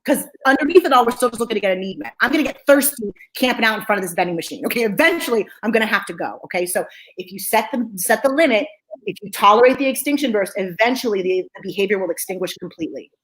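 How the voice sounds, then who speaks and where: A woman's voice: medium pitch, fast, poor audio. A woman psychologist hosting a talk, teaching energetically, repeating key phrases and often checking in with "okay?". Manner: animated, repeats phrases for emphasis. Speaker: psychologist host.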